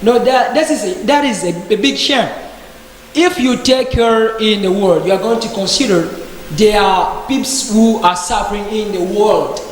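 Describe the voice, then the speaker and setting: A man's voice: high-pitched, moderate pace. Man, emphatic debater, indignant rhetorical questions; very reverberant hall, faint hiss. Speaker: debate participant. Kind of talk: impassioned speech in a discussion group. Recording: very echoey hall with faint background noise.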